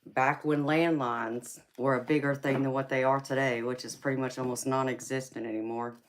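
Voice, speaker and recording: A woman's voice: rumbling low, a little hiss or hum. A woman with a Southern drawl hosting a live tarot stream, chatting casually and teasing viewers. She is from California. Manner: chatty and teasing, laughs often, calls viewers honey and baby. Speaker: livestream tarot reader host.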